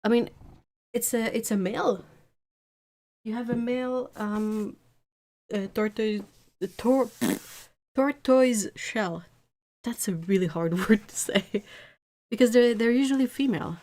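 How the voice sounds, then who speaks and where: A woman's voice: a little high, measured pace, long pauses, a little mellow. A woman chatting casually on a live stream from her home painting desk, rambling with frequent restarts. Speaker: art streamer.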